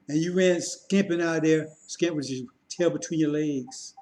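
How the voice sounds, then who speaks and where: A man's voice: a little high, normal speed, few pauses, darkish tone, rough recording. A man giving a mocking, emphatic religious critique monologue. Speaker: religious commentator.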